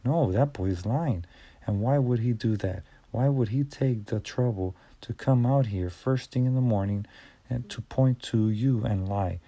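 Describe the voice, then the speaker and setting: A man voicing a gruff, bossy male team leader who scolds and shouts at his workers. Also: medium pitch, measured pace. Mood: stern scolding.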